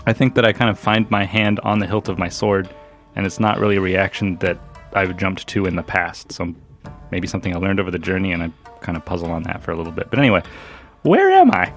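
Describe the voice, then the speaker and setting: A man's voice: low-pitched, sing-song, fast talker. A man playing a tabletop game, chatty, swearing and laughing often. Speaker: player. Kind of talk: tabletop role-play. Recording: dry podcast mic with music.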